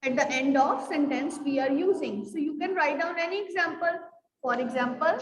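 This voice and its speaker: A woman's voice: sits high, moderate pace, a little hiss or hum. A woman teaching a grammar class, repeating her questions to the students and filling with "you can say". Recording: echoey room with long reverb.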